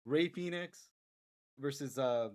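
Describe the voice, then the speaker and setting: A man's voice: medium pitch, slow. A man co-hosting a casual wrestling podcast, speaking candidly and emphatically. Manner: candid and emphatic, building to loud enthusiasm. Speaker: podcast co-host.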